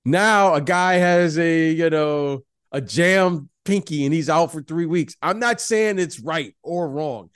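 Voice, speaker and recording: A man's voice: fairly high pitch, takes it slowly, hardly any pauses, smooth, no echo, studio quality. Chuckling, stammering middle-aged man co-hosting. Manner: keeps addressing his co-host by name, stammering restarts, chuckling. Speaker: podcast co-host, former pro basketball player. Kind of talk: casual sports chat.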